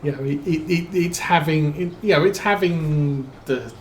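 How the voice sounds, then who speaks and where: A man's voice: fairly high pitch, moderate pace, echoey room, slight background noise, rough recording. A man streaming a game, telling a long rambling story with many fillers and restarts. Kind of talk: casual storytelling while playing a farming game.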